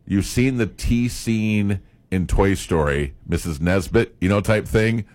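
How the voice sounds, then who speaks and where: A man's voice: on the low side, a little slow, a little mellow, no echo. An older man chatting casually as a co-host, telling rambling stories full of restarts and asides. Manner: rambling, loose storytelling with many restarts. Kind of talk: casual chat.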